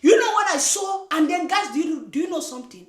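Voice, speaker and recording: Woman, high voice, scolding, indignant reaction vlog. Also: expressive, brisk. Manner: scolding, indignant, emphatic repetition. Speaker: YouTube reaction commentator. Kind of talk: casual reaction commentary. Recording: echoey room.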